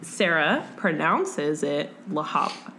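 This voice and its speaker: A woman talking about books in a casual chat, lively and blunt, with a lowish voice that swears freely and acts out the back-and-forth of conversations. A faint hiss sits behind her. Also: slow. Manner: animated, swears freely, acts out quoted exchanges. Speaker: podcast co-host.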